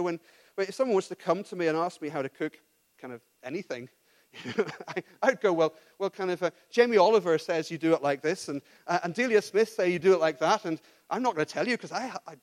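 High-voiced man preaching casually. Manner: conversational, self-deprecating, many restarts. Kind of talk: sermon.

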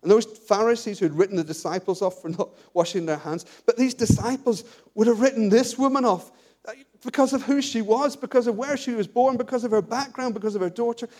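Preacher, male, high voice, animated sermon delivery. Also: moderate pace. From England. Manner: animated, repeats words, emphatic lists.

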